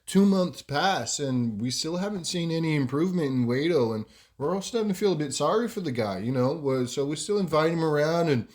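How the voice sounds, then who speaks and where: A man's voice: fairly high pitch, expressive, fairly quick, a little mellow. A man casually telling a story on a podcast, rambling with lots of ums and asides. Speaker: podcast host.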